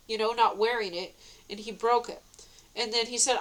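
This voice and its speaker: A woman's voice: fairly quick, poor audio. A woman telling a meandering personal story in a casual vlog, laughing often between phrases and correcting herself as she goes. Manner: meandering, with many restarts and self-corrections; rises to a bright, sweet high voice when quoting herself.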